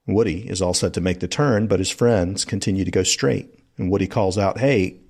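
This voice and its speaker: A man with a low voice narrates a podcast in a relaxed, storytelling way. He is from South Carolina and talks to listeners as if recounting a trip with friends. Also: fairly quick, vocal fry, husky. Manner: conversational storytelling. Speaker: podcast host.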